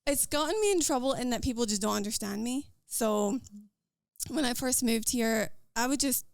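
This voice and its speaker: Fast-talking Scottish woman, gravelly edge. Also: a little high, expressive, no room sound, clean studio sound. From Scotland. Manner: quick, earnest talker. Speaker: podcast guest. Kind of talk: casual interview chat.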